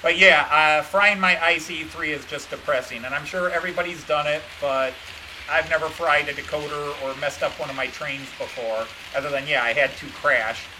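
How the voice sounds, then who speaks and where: A man with a fairly high voice chats casually on a live stream about his model trains, rambling and meandering as he sounds dejected and blames himself. The background is noisy.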